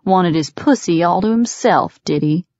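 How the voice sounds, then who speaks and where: A woman's voice: lowish voice, moderate pace, a little mellow, no echo, close to an everyday voice. A woman voicing a sneering, menacing father. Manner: sneering, contemptuous. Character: sneering, menacing middle-aged father, a fanatical villain. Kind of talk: audiobook character voice. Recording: dry, dull lo-fi recording.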